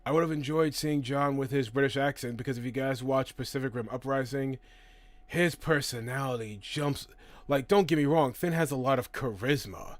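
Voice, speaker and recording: A man's voice: medium pitch, no room sound. A man hosting a casual live stream, reading out and answering chat questions in a chatty, profane way, laughing easily.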